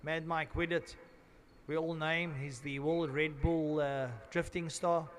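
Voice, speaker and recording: A man doing live trackside commentary at an outdoor race circuit. He rambles and jokes, then switches to loud announcing for the grid. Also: a little high, little pitch movement, unhurried.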